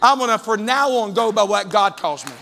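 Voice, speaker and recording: A man preaching a fervent Pentecostal sermon in a church, calling out to the congregation and rising to shouts. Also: high-pitched, expressive, fairly quick, creaky. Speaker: pastor. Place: church sanctuary.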